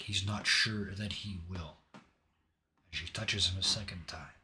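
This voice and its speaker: A man's voice: sits low, fairly even intonation, measured pace, pushed and bright, slight background noise. A man narrating a tabletop roleplaying game as game master, telling the scene vividly and dramatically. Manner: vivid, dramatic storytelling with hesitant restarts.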